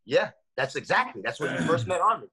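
A man's voice: fairly high pitch, animated, quick pace, over a noisy crowd. A man interviewing guests in casual conversation, rambling with lots of filler phrases.

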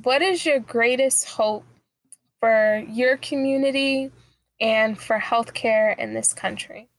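A woman interviewing a guest, asking questions in a calm, measured way. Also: fairly high pitch, rough recording.

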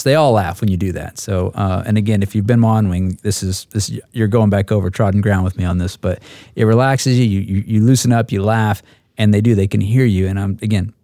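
Male instructor pilot, dark gravelly tone, dry close mic, rambling anecdotal delivery. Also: lowish voice, dry recording. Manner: halting, repeats words, restarts. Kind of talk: roundtable storytelling.

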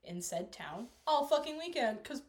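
A woman in her twenties co-hosting a podcast, telling candid stories in casual chat, laughing often and dropping quiet in serious moments. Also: fairly high pitch, very animated, moderate pace. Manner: candid, laughing storyteller with sudden quiet drops. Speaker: podcast co-host.

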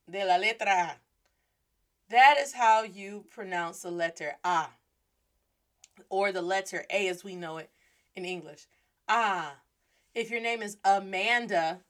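A woman's voice: mid-range voice, a bit bright. A woman hosts a playful Spanish lesson, moving between English and Spanish with rhythm and humor. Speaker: Spanish teacher and host. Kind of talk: lively language lesson.

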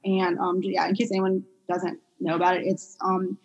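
On a rough recording, a young adult woman with a lowish voice speaks at a moderate pace. As an interview guest and pediatric medical speech-language pathologist, she's chatty, uses many fillers, and tells her stories in an animated way.

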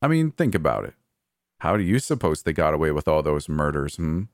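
A man's voice: a bass voice, very animated, a little fast, no echo, studio quality, heavily acted. A man voicing a cold, gleeful, murderous adult brother in a horror story, with a taunting, sneering delivery. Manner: taunting, sneering, coldly cheerful.

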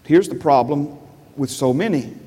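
A man's voice: a little high, moderate pace, warm tone, slightly rough, in a large hall, poor audio. A male pastor preaching a sermon, repeating phrases and asking the congregation questions. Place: church.

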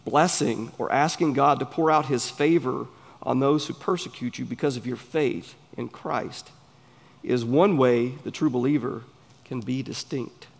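Gravelly Southern preacher in a hall. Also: male voice, medium pitch. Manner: earnest, emphatic, pauses between phrases. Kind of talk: sermon. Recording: long hall reverb.

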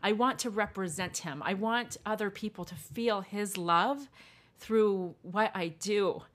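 A woman hosting a faith podcast, speaking in a warm, affirming and explanatory way. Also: medium pitch, measured pace. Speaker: podcast host.

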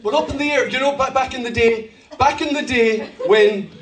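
A man with an Irish accent preaching a sermon to a church, telling jokey stories in an animated way, often laughing as he talks. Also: very high voice, normal speed, far from the mic. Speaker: pastor. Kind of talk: sermon with humorous storytelling. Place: large church hall. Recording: echoey church hall, from off-mic.

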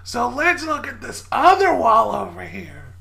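A woman's voice: a little high, very animated, a little slow, gravelly, sharp tone, full character voice. A woman voicing a cheerful, pushy female shopkeeper with a playful, salesy manner in a tabletop game. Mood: sly, salesy. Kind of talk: tabletop role-play voicing.

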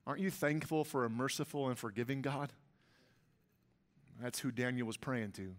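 A man's voice: mid-range voice, normal speed. A man preaching a sermon as pastor, with emphatic delivery that rises and swells on key lines.

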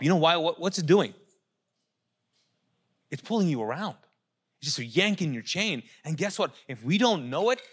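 Man preaching a sermon, middle-aged, fairly high voice, lively, asks the crowd questions. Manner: animated, asks the crowd questions and acts out quotes. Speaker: pastor.

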